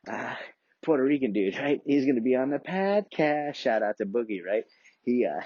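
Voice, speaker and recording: A deep, gravelly man with a husky edge rambles through a casual, foul-mouthed podcast monologue, chuckling as he drifts from one tangent to the next. The sound is dry and close, with a dull, lo-fi home-recording quality. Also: no echo. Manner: profane, rambling, chuckling often. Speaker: podcast host.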